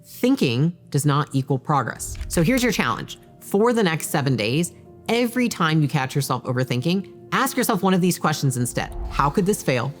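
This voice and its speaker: A woman's voice: low voice, big pitch swings, normal speed. A woman who founded a business, talking straight to camera and coaching viewers in a direct, emphatic way. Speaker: business founder giving advice. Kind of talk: direct-to-camera advice talk. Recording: faint background music.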